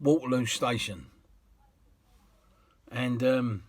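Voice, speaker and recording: Chatty British cab driver telling stories. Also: male voice, mid-range voice, slow pace, no room sound. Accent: British English. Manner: chatty, rambling, with restarts and laughs. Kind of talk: casual anecdote storytelling.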